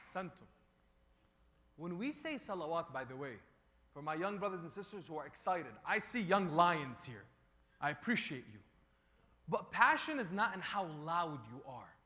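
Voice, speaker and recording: A man preaches to a gathering and leads them in call-and-response, his voice pushing up into loud calls. His voice sits high and bright. Long reverb from a large hall trails behind him. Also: sing-song, normal speed. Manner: leads the crowd in repeated chants, rising to loud calls. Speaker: speaker at a religious gathering.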